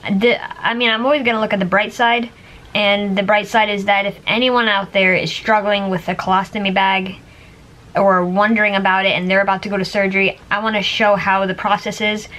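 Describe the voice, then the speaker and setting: A woman's voice: mid-range voice, level tone, fairly quick, a bit bright. A woman vlogger chatting casually to camera, rambling with lots of fillers and little laughs.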